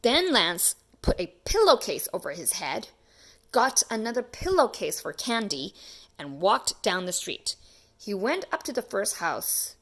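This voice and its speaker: A woman reading a children's picture book aloud in an expressive, animated way. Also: mid-range voice, measured pace. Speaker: children's story reader. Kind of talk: storybook read-aloud.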